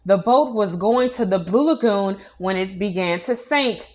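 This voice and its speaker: A woman's voice: medium pitch, measured pace. A young adult woman hosting a casual celebrity news show, chatty and opinionated, with many asides. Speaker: news host.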